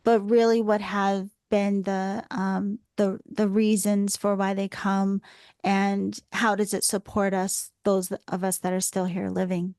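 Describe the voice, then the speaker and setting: Female podcast host, mid pitch, dry sound, attentive interviewer. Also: flat delivery, measured pace, a little mellow, clean tone, no room sound. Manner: attentive, frequent short affirmations. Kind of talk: interviewer asking questions.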